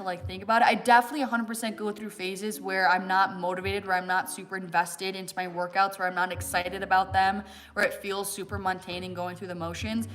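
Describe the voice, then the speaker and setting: A young woman from the US, in her twenties, hosts a fitness livestream in a mid-range, fairly bright voice. She keeps things casual and chatty while answering viewer questions, laughing often and using many fillers and "like."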